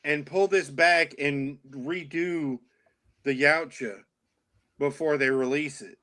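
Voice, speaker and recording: This is a man joining a casual chat, with a slightly high voice. He speaks hesitantly and keeps reaching for words. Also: takes it slowly, bright, forceful tone. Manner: hesitant, frequent fillers.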